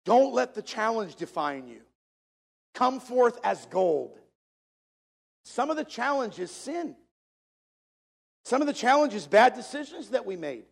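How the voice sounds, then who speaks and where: Gravelly high-voiced male preacher. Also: sing-song, moderate pace. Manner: preacher cadence, repeats key phrases for emphasis. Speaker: pastor. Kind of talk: sermon.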